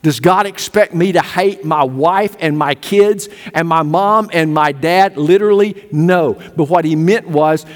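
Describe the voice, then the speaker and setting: An older male pastor preaching a sermon, swinging from loud emphatic peaks to hushed low storytelling. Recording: long hall reverb.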